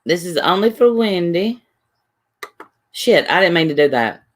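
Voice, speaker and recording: A woman's voice: on the low side, big pitch swings, measured pace. Rambling woman on a livestream. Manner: rambling, defensive, reads chat aloud. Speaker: livestream host. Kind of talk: casual livestream chat.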